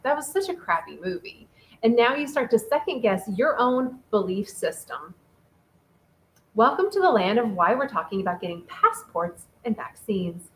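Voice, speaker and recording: A woman co-hosting a casual relationship talk show, chatty and animated, reading out listener comments. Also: on the high side, low-quality recording. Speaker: podcast co-host.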